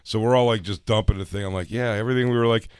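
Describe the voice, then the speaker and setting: A man co-hosting a podcast, telling an animated story in casual chat, swearing and acting out quotes. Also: on the low side, racing, clear, resonant tone, dry recording, studio quality. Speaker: podcast co-host.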